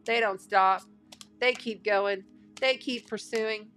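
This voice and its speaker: A woman reading tarot cards in a casual, chatty way, getting excited and thinking out loud as she talks. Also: mid-range voice, slow pace, over music. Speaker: astrology and tarot reader.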